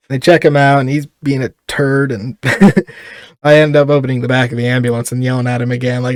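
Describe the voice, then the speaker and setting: A man's voice: medium pitch, fairly even intonation, brisk, dry recording, studio quality. A man, a police officer, telling stories in casual podcast chat and laughing often between lines.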